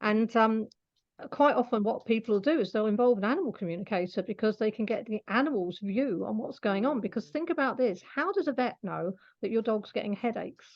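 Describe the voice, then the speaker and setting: A woman's voice: fairly high pitch, brisk, dull audio. A woman being interviewed as an animal communicator, chatty and laughing often as she explains patiently. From Scotland. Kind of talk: casual interview talk.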